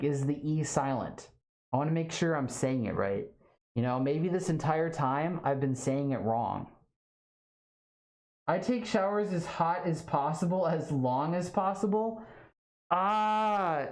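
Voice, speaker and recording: A woman's voice: low-pitched, darkish tone. A young woman streaming live, chatting casually with her viewers and reading their comments, full of "like" and "um" fillers.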